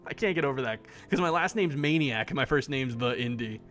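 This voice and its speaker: A man's voice: mid-range voice, lively intonation, fairly quick, hardly any pauses, fairly bright tone, soft background music. A man streaming a dating sim live, making blunt, joking asides and swearing casually. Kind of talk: live-streamed game commentary.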